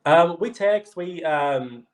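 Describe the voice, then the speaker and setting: A man from Kentucky, a guest on a casual talk show, telling stories in an excitable, animated way. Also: on the high side, takes it slowly, low-quality recording. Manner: excitable, animated storyteller with frequent filler "like". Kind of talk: casual chat, storytelling.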